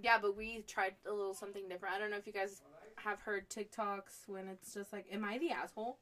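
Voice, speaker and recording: A woman co-hosting a podcast in casual chat, slangy and animated, laughing often. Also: medium pitch, fast talker. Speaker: podcast co-host.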